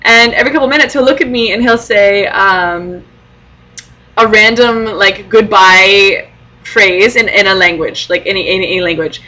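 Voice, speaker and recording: A woman's voice: medium pitch, moderate pace, pushed and bright, low-quality recording. A young woman vlogger telling funny stories casually to camera, with many fillers and laughing asides.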